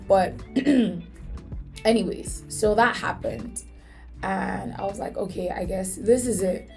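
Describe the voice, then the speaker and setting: A woman's voice: mid-range voice, mellow. A woman hosting a faith podcast, telling a story in an earnest, emotional way. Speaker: podcast host.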